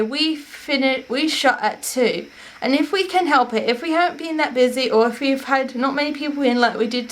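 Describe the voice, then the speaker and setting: A woman's voice: fairly high pitch, a bit bright. A young woman, casually telling stories to camera at home in a rambling, self-correcting way. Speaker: vlogger.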